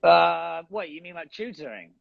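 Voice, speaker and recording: A man's voice: a little high, lively intonation, normal speed, creaky, no room sound. A young man chatting casually and joking on a live video call. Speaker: actor and co-host of the live chat. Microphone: phone on a video call. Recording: dry, dull lo-fi phone audio.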